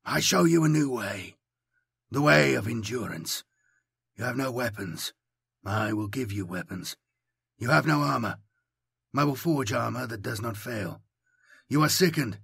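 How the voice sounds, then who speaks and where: A man voicing a towering warlord who speaks in a soft, thin voice with calm, unwavering conviction, in an audiobook. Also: medium pitch, a little slow, vocal fry, long pauses, breathy edge, no echo, studio quality, exaggerated voice. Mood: calm, commanding. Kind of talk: audiobook character voice.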